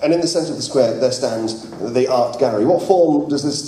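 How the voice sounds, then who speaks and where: A man's voice: mid-range voice, fairly quick, dark tone. A man hosting a live tabletop role-playing show as game master, narrating with a jokey, laughing manner at a games convention. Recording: echoey hall with audience.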